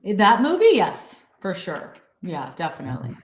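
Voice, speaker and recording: A woman actress as an interview guest, chatting casually and telling lively stories. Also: lowish voice, moderate pace. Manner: animated storyteller, acts out quotes. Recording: roomy echo.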